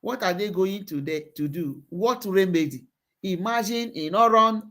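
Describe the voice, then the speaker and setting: A woman's voice: medium pitch, expressive, moderate pace, fairly bright tone. A woman hosting a live online show, giving impassioned commentary and repeating phrases for emphasis.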